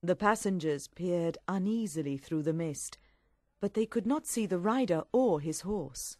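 A woman reading a story aloud in a clear, steady audiobook narration. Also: lowish voice, measured pace, no room sound.

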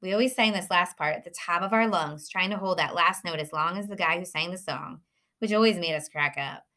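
A woman giving an earnest, expressive first-person audiobook narration. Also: fairly low pitch, brisk.

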